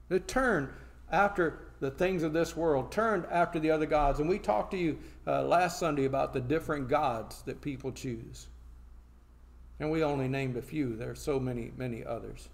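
A man preaching a sermon, reading scripture slowly and then explaining it in plain talk, asking and answering his own questions. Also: on the high side, vocal fry.

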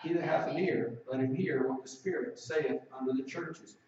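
Male preacher, slightly high voice, emphatic sermon delivery, distant, dull, echoing recording. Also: fairly even intonation, a little mellow. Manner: preaching with emphatic, drawn-out scripture reading. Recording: roomy echo, distant mic, dull lo-fi sound.

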